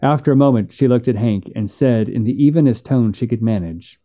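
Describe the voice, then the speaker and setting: A man narrating a western story in a measured, steady way. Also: medium pitch, highs cut off.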